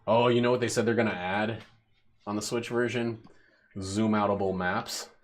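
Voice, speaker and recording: A man's voice: lowish voice, steady tone, moderate pace. A young man streaming a game, rambling and joking profanely as he plays. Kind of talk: casual gameplay commentary.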